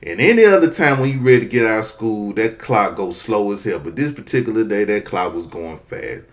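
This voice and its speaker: Low-voiced guy telling a funny childhood story, cusses, voice swings up and down. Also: fairly quick. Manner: profane, animated, acts out characters. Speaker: comedian storyteller. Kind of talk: comic storytelling monologue.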